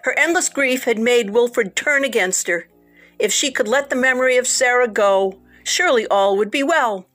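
A woman narrating a gothic story in an expressive, dramatic way. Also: fairly high pitch, normal speed, soft background music.

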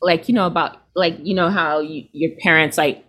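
A woman in her thirties, a healer, chatting casually and acting out quoted people with lively swings in her voice. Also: normal speed. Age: 30s. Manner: expressive, acts out quoted people with big pitch jumps. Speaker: guest, healer. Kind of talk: casual podcast conversation.

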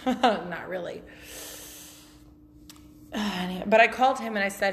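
A woman's voice: mid-range voice, measured pace, creaky, slight background noise. A woman hosting a podcast, telling a story in a blunt, chatty, profane way and laughing often. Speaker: podcast host. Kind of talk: casual storytelling monologue.

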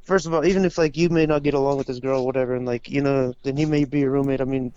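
Dude co-hosting a podcast, talks fast, kinda muffled lo-fi mic. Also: male voice, mid-range voice, steady tone, a little mellow, clear, resonant tone, no room sound. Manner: quick, laid-back reactions with filler words. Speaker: podcast co-host. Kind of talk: casual podcast chat. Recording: slightly dull, lo-fi mic.

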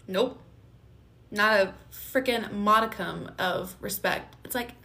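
Speaking slowly in a mid-range voice with a sharp tone, a young female podcast co-host offers blunt opinions in casual chat, laughing between her remarks.

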